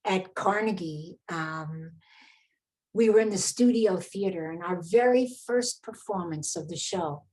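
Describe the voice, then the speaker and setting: Woman talking slow and low, thoughtful memory sharing. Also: a little mellow, low-quality recording. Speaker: original cast member. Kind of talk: reflective storytelling.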